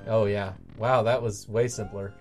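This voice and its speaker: A man's voice: fairly low pitch, steady tone, normal speed, a little mellow, faint music behind. A young man co-hosting a gaming let's play, joking and laughing as he rambles about the game. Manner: jokey, laughs often, rambling. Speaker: co-host of a gaming show. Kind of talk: casual let's play banter.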